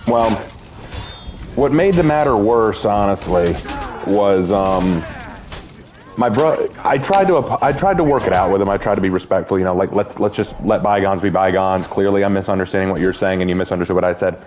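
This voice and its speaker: A man's voice: low voice, a little fast, a little mellow, a little hiss or hum. An American man telling a long story to his viewers while playing a game, earnest and rambling, often restarting his sentences. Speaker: gaming YouTuber.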